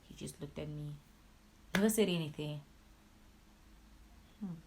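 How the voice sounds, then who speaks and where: A young woman recounts a painful personal story, her lowish voice dropping to a hush and then rising sharply. Faint noise sits under the recording. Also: unhurried, vocal fry, rough recording. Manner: raw, emotional, switching between hushed and loud. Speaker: YouTuber. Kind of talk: emotional storytime vlog.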